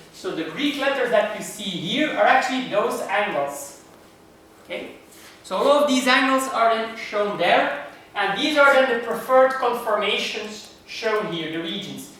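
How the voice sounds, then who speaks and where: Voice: medium pitch, a bit bright, very echoey, recorded from a distance, slight background noise, poor audio. A lecturer giving a university lecture, explaining step by step and asking the class rhetorical questions.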